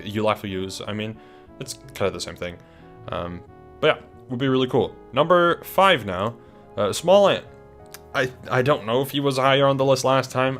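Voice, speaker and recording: A man's voice: fairly low pitch, fairly bright tone. A young man talking casually through a ranked list of players, chatty and hesitant, with many fillers and restarts. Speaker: video creator ranking players. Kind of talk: casual ranking commentary. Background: faint music.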